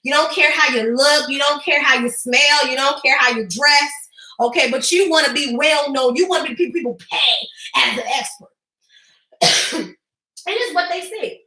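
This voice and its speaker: A woman's voice: high voice, moderate pace, bright, forceful tone. A woman business coach talking emphatically on a live stream, repeating her points and laughing in asides. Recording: echoey room.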